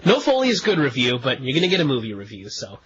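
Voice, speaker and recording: A man's voice: medium pitch, wildly swooping pitch, quick pace, a bit bright, breathy edge. A man co-hosting a talk radio show with a stuffed-up nose, speaking in a dry, sarcastic way. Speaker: radio co-host. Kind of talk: casual talk radio chat. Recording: dull lo-fi archive radio with faint hiss.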